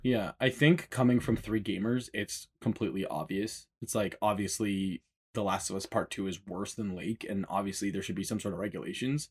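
A man co-hosting a casual podcast chat, animated, acting out other people's lines as he argues. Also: on the low side, a little fast, breathy edge. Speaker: podcast co-host.

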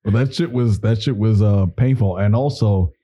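A young man chatting casually on a podcast, telling crude, animated stories full of slang. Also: fairly low pitch, normal speed, husky. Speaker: podcast co-host. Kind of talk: casual chat.

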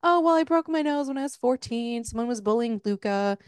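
A woman's voice: a little high, lively intonation, fairly quick, clean tone, dry recording. A woman co-hosting a podcast, chatting casually and animatedly retelling scenes by acting out the dialogue. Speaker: podcast co-host. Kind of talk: casual book discussion.

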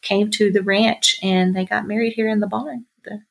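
Middle-aged woman, ranch-owner guest, rambling and chatty, mid-pitched voice. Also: little pitch movement, moderate pace, vocal fry. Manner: chatty, warm storyteller with many fillers. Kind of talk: casual interview storytelling.

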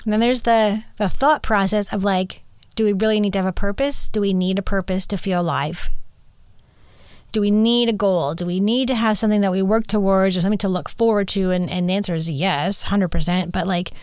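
Woman host, candid solo podcast; earnest, halting, rambling delivery, smooth clear tone, close dry sound. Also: medium pitch, darkish tone, dry recording. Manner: rambling, earnest, halting with many fillers and restarts. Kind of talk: candid personal monologue.

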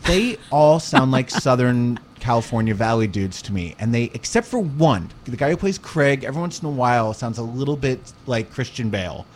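A man hosting a podcast, asking questions and chatting in an animated way. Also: medium pitch, moderate pace, few pauses, slight background noise. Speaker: podcast host. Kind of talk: casual interview.

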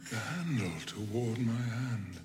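An older English actor playing a brooding nobleman who sees a phantom dagger, reciting slowly with long pauses. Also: mid-range voice, animated, very noisy. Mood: haunted. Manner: slow, measured, with long pauses. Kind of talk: classical stage recitation. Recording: recording with loud music behind.

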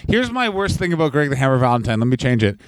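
A man's voice: medium pitch, very animated, quick pace, dry recording. A man co-hosting a comedy podcast, ranting crudely and slipping into mocking voices in casual chat. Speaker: podcast co-host.

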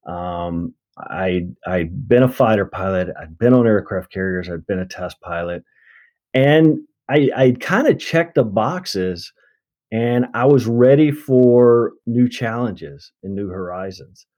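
A man with a Southern American accent, a guest telling stories in an easygoing, measured way. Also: fairly low pitch, expressive, a little mellow, muffled recording. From Mississippi. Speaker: guest, endurance coach. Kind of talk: casual conversational interview.

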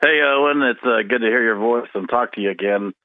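A man's voice: medium pitch, brisk, no room sound. A male caller to a radio show, a Marine veteran, speaking earnestly and emphatically over a phone line. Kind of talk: phone-in call.

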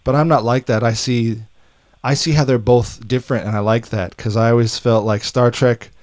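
A man's voice: mid-range voice, fairly even intonation, normal speed, darkish tone, no room sound, studio quality. Chatty man hosting a fan podcast. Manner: enthusiastic, chatty, restarts often. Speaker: podcast host. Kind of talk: casual chat.

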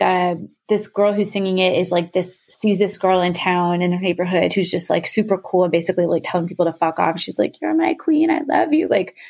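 A woman's voice: lowish voice, creaky, a little mellow. Young woman rambling through a podcast explainer, lots of um and like, easygoing chat. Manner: chatty, many fillers like "um" and "like". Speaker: podcast co-host presenting a topic. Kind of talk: casual conversational explainer.

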